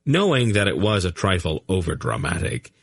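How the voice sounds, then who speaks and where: Deep, gravelly male audiobook narrator. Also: big pitch swings, moderate pace, dry recording, clean studio sound. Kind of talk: scripted narration.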